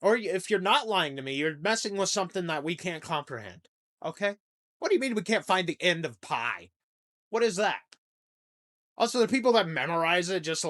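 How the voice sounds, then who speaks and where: Rambling crude young man ranting. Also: high voice. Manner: rambling, crude, swings between loud outbursts and mumbling. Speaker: podcast host. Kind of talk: comedic monologue rant.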